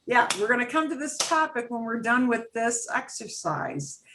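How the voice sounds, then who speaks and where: A woman's voice: on the high side, lively intonation, moderate pace, background noise. A woman teaching a beginners' Spanish class over a video call, explaining patiently and repeating phrases.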